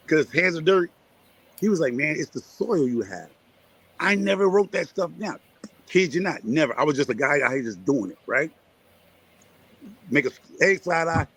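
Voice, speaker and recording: A slightly high, somewhat bright male voice at normal speed belongs to a gardener from Connecticut. Chatting live and casually, he repeats himself and preaches, firing up his audience.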